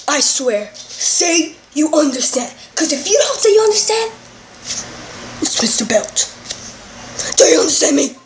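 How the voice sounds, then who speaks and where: A woman playing a strict father who scolds his son in a comedy sketch, with slow, drawn-out scolding and sudden shouts. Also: sits high, big pitch swings, background noise. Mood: angry lecturing. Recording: roomy echo.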